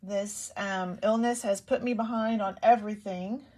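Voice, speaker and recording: A woman hosts a casual live craft demonstration, talking in a loose, rambling way full of ums. She is still shaking off a cold and a cough. Her voice sits at an ordinary middle pitch. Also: steady tone, normal speed, a little mellow. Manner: chatty, rambling, many ums. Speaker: papercraft demonstrator.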